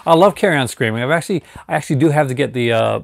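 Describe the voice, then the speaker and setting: A man's voice: medium pitch, expressive, racing, creaky, no room sound. A man from Newfoundland, Canada, chatting casually on a live stream and rambling through restarts and fillers.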